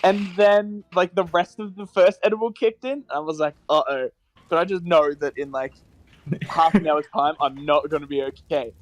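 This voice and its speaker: A man's voice: on the high side, moderate pace, soft background music, low-quality recording. A young man casually telling a rambling, laugh-filled story as a podcast co-host. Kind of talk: casual chat.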